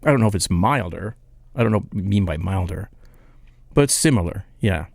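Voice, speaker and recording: A man's voice: low voice, expressive, fairly quick, creaky, dry recording, clean studio sound. A man hosting a live home brewing stream, chatting loosely and reading viewer comments aloud, rambling and laughing at himself as he loses his place.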